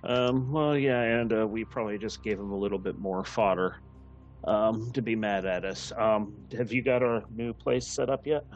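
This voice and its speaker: A man's voice: on the low side, fairly even intonation, moderate pace. A man playing a tabletop game as a player, asking direct questions. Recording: dull, muffled sound.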